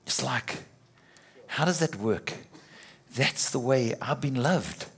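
A middle-aged man preaching in a loose, chatty way, repeating words as he builds a point. His voice is slightly husky and sits at an ordinary middle pitch for a man. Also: animated, slow, a bit bright. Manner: conversational, with repetitions and playful acted quotes. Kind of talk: sermon.

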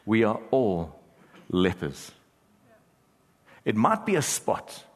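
A man with a fairly low voice preaches a sermon to his church, earnest and building in force. The sound carries a long reverb, the way a big church hall does. At times he drops to a hushed, prayerful tone. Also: wildly swooping pitch, takes it slowly. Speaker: pastor.

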